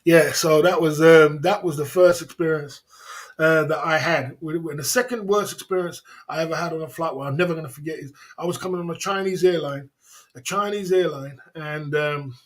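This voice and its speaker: A man hosting a casual livestream, telling stories in a chatty way, laughing often and giving shout-outs to viewers. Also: fairly high pitch, a little fast. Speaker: livestream host.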